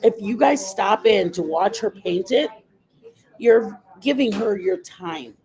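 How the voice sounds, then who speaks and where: A woman's voice: medium pitch, expressive, takes it slowly, mellow, low-quality recording. Chatty woman rambling on a makeup stream. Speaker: livestream host. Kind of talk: casual makeup livestream chat.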